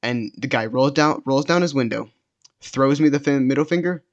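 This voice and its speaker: A young man tells a story in a casual, rambling way, full of fillers and restarts. His voice sits at an average pitch. The recording sounds dull and lo-fi. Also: normal speed. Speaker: storytime vlogger.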